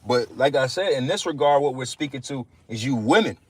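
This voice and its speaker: A man's voice: mid-range voice, expressive, a little fast, slightly rough, no room sound. A man ranting scornfully and with profanity on a livestream, preaching and quoting scripture.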